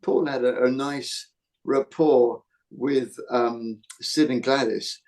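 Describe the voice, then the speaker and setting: A man's voice: medium pitch, steady tone, takes it slowly, a little mellow. A man from the UK hosting a podcast, chatting casually and rambling with frequent restarts. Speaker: podcast host. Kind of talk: casual chat.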